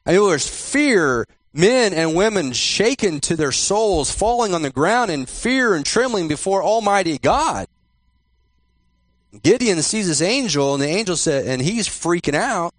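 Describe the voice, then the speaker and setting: Male pastor mid-sermon, slightly raised pitch, dry sound, emphatic and repetitive delivery. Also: sing-song, dry recording. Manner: repetitive, emphatic preaching with slowed key phrases. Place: church.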